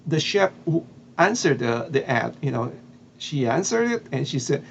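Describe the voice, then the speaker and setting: A man's voice: mid-range voice, very animated, normal speed, creaky, highs cut off, slight background noise. A man from the Philippines with a Filipino accent, telling a story casually with lots of fillers and restarts. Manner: hesitant, many fillers and restarts. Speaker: vlogger.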